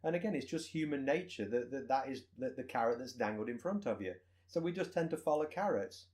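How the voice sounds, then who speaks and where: A man, a personal trainer co-hosting a podcast, explaining goals with everyday examples in relaxed chat. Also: medium pitch, fairly quick.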